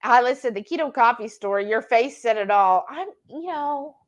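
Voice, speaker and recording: A woman's voice: a little high, lively intonation, moderate pace. A woman co-hosting a live cooking stream, chatting casually and reading out viewer comments, often acting out her pets in silly voices. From Texas.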